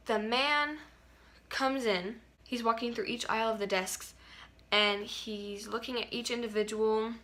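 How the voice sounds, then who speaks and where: Bright-voiced teen girl telling a story. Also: mid-range voice. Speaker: vlogger. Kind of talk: casual storytime retelling a dream.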